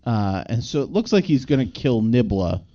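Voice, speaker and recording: Man, podcast co-host, rambling casual recap, lively pitch, muffled lo-fi audio. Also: normal speed, far from the mic. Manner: rambling, animated recap with laughs. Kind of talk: casual chat.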